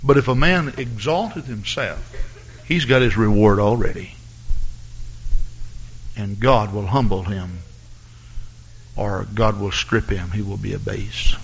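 A man preaching a sermon, reading scripture in a measured way and rising to loud, shouted exhortation. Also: on the low side, creaky, dull audio, a little hiss or hum.

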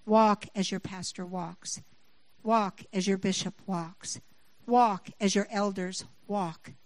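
Taking her time, a middle-aged woman preaches in a mid-range voice with fairly even intonation. Scripture and personal stories trade off, and she rises emphatically when appealing to listeners; the recording is rough, without echo.

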